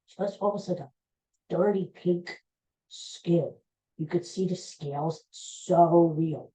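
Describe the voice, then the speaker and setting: A man's voice: fairly high pitch, slow, mellow. A man hosting a podcast, telling a story in a chatty, rambling way and often breaking off mid-phrase to restart. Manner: chatty, rambling, self-interrupting. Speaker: podcast host. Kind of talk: casual storytelling monologue. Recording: dull lo-fi recording.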